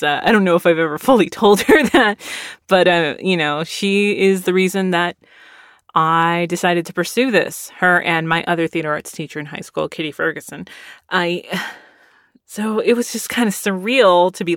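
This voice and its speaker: A woman's voice: fairly low pitch, normal speed, a bit bright, no echo, studio quality. A woman in her late thirties from Texas, telling a story casually and with animation, laughing often and filling her speech with "like".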